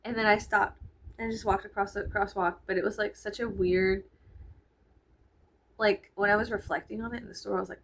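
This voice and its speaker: A woman's voice: medium pitch, a little fast, fairly bright tone, slight background noise, rough recording. A woman chatting casually and rambling in a vlog from her bedroom, filmed with the camera's own microphone. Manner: chatty, meandering, heavy use of "like", frequent laughs. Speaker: vlogger. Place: her bedroom, under a ceiling fan. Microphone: camera mic, no clip-on microphone.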